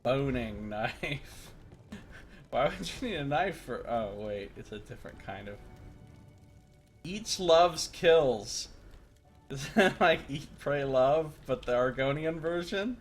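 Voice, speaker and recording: Brief: male streamer, casual game commentary, jokey and rambling, mid pitch. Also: expressive, normal speed, few pauses, soft background music. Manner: jokey, rambling, loud outbursts.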